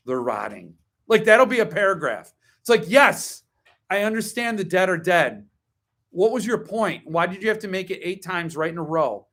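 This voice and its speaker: A man's voice: high-pitched, a bit bright. A man hosting a casual live-stream about books, talking in a chatty, opinionated way that drifts into wry grumbling rants. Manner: chatty, digresses with ums and asides. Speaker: host.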